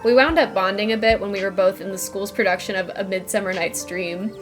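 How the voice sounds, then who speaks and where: A woman's voice: medium pitch, brisk, faint music behind, close to an everyday voice. A woman playing a wry, dry-humored townswoman in a game. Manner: dry, teasing. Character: wry woman, town local with a dog.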